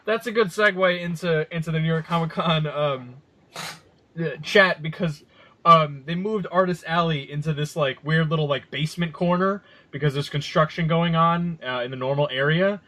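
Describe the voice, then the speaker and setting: Animated, swearing podcast dad telling stories. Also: male voice, on the high side, normal speed. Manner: animated storyteller, swears, acts out quotes. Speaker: podcast co-host. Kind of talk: casual podcast banter.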